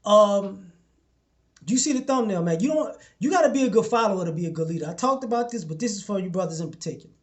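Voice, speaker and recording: A young man giving a casual motivational talk to his followers, preaching and repeating himself, often acting out little exchanges in a lower voice. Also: expressive, quick pace. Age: young adult. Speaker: motivational vlogger.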